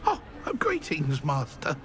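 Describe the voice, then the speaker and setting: A man's voice: fairly high pitch, wildly swooping pitch, slow pace, a bit bright, full character voice. An actor playing a timid, fawning male house elf servant who cringes and is eager to please. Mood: nervous, fawning.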